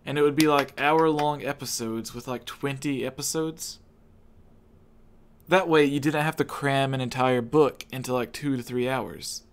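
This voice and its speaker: Male streamer host, middle pitch, playful and teasing, loose chat. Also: fairly even intonation, measured pace, clean tone. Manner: joking, teasing. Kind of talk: casual livestream chat.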